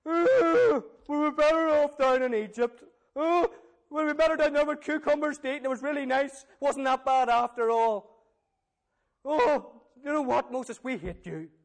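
A preacher putting on whiny high Israelites. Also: male voice, expressive, moderate pace. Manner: whiny and high-pitched complaining. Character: whining grumbling Israelites in the desert.

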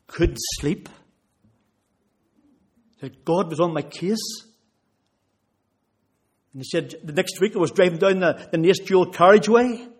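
Husky man preaching. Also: on the high side. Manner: retells conversations with rising intensity. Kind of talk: sermon testimony.

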